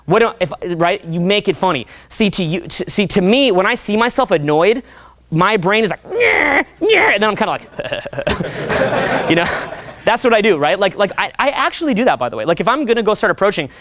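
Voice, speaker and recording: A young man coaching a seminar audience in a profane, animated way, often acting out voices. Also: sits high, fairly quick. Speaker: dating coach. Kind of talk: seminar talk.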